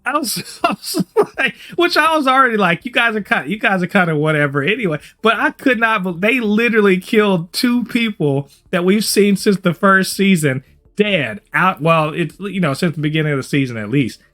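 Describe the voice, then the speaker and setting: A man's voice: high voice, animated, moderate pace, bright, forceful tone. A man co-hosting a TV review podcast, chatting animatedly with lots of swearing and restarts. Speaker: podcast co-host. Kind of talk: casual review chat.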